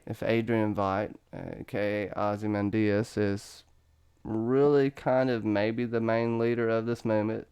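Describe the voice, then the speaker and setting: A man hosting a casual online discussion of a TV show, animated, joking and laughing as he talks. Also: medium pitch, clean tone. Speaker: podcast host. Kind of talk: casual discussion on a video call.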